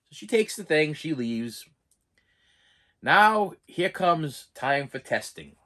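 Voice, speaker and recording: A man tells a long, rambling story on his vlog in a fairly high voice. He slips into little impressions of the people he met and keeps circling back with asides and restarts. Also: slow pace. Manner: animated, acts out other people's lines in the story. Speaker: vlogger and collector.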